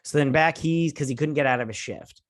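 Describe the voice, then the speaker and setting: A man's voice: a little high, a little fast, dry recording, studio quality. A man from the United States hosting a casual episode recap, rambling with lots of fillers and restarts. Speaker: host.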